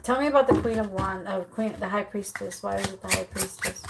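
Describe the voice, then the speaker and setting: A woman gives a casual live tarot reading, speaking loosely with plenty of fillers and lively energy as she acts out what the man thinks, voicing the client's partner with swearing. Her mid-range voice has vocal fry and is a little fast. The audio is poor, with slight background noise.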